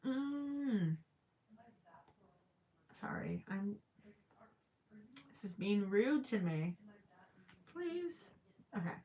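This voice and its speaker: A woman's voice: mid-range voice, expressive, unhurried, long pauses, mellow. A young woman livestreaming while she crochets, chatting casually and reading viewer comments aloud.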